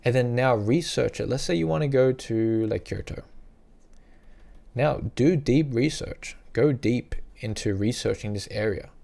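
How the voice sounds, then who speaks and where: A man casually giving travel advice to the camera, chatty and repetitive, now and then acting out little scenes in a higher voice. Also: a little slow, gravelly, dark tone. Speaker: travel vlogger.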